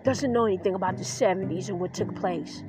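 A woman's voice: medium pitch, brisk, noisy background. A woman hosting a podcast, talking in an emotional, defiant personal monologue and getting choked up at times. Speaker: podcast host.

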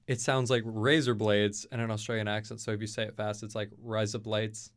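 Chatty young man with a smooth voice. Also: on the low side, steady tone, fast talker. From Kentucky, USA. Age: young adult. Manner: chatty, storytelling, many fillers. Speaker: college student guest. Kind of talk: casual interview chat.

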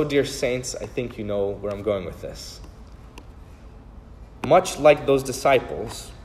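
A male pastor delivers a sermon in an earnest, storytelling manner, sometimes restarting a phrase. His mid-pitched voice carries a long reverb tail, as if recorded in a church sanctuary.

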